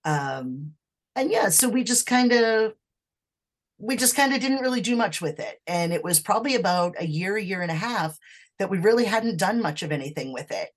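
A woman guest in an interview, telling a personal story in a conversational, animated way. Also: normal speed. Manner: animated, acts out quoted talk with sudden high pitch and laughs. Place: lived in Massachusetts.

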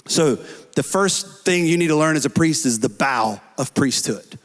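Earnest preacher in a reverberant hall. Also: male voice, a little high, lively intonation, moderate pace. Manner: earnest preaching, rising to shouts in prayer. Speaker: pastor. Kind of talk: sermon. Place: church hall.

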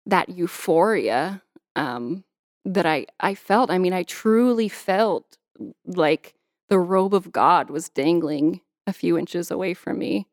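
A woman's voice: on the low side, creaky, darkish tone, no echo, studio quality. A young adult woman, an author, reading her memoir in an earnest, intimate way and answering interview questions.

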